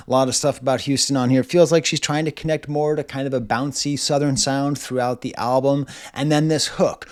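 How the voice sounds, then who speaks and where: A man in his forties gives a casual album review from his home. His pitch sits in the middle, and his talk keeps circling, filled with "like" and restarts. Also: steady tone, a little fast, few pauses. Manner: rambling, self-interrupting, lots of "like". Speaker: music reviewer.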